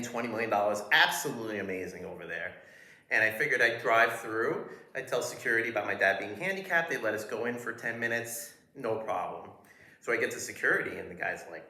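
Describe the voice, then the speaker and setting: A man telling a stand-up story in a rambling, halting way, recorded in a roomy space. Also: medium pitch, sharp tone. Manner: rambling, halting delivery with fillers. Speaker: stand-up comedian. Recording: roomy echo.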